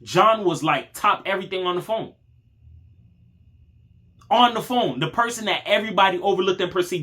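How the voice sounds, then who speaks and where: A man's voice: high voice, animated, normal speed, long pauses, bright, forceful tone. A man hosting his channel, giving a casual motivational talk in slangy street speech, calling the listener dog and bro. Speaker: channel host.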